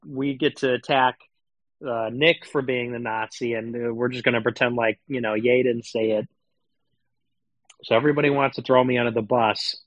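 A man's voice: medium pitch, fairly bright tone, no echo, muffled recording. A man streaming political commentary, talking in a sarcastic, mocking, casual rant. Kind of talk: casual ranting monologue.

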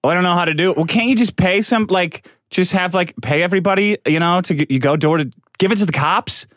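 High bright-voiced guy in his 40s, sardonic podcast host, swears a lot, dry sound. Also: fast, no room sound. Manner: sardonic, swears often, animated storytelling. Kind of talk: casual chat.

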